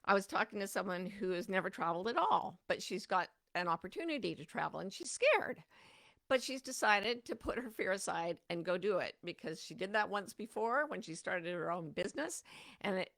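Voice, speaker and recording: Middle-aged female podcast host, mid pitch, some vocal fry, animated storyteller. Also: brisk, no echo, clean studio sound. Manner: animated, acts out her own inner voice. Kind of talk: reflective monologue.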